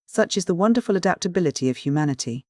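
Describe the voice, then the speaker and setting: An audiobook narrator reading a classic mystery in a clear, measured literary style. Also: mid-range voice, animated, no echo, clean studio sound.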